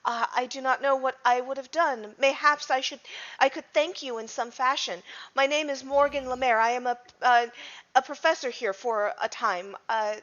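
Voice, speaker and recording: A woman's voice: high voice, steady tone, moderate pace, fairly bright tone. Woman doing a stilted archaic-speaking professor. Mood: grateful. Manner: stilted, old-fashioned phrasing with hesitations. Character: formal English woman guest professor, archaic speech. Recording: dull lo-fi audio.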